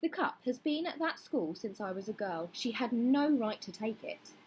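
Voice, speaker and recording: A woman's voice: fairly high pitch, expressive, moderate pace, background noise, voice pushed up, natural voice. A woman voicing a cold, haughty mother who speaks pointedly, in a storybook reading.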